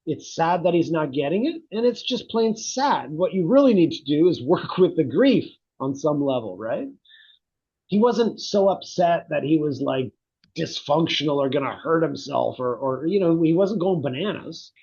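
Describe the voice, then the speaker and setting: A man's voice: a little high, big pitch swings, normal speed, a little mellow, breathy edge, dull audio. A middle-aged man, a psychotherapy researcher, speaking reflectively in an interview and telling stories with animation. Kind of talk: conversational interview.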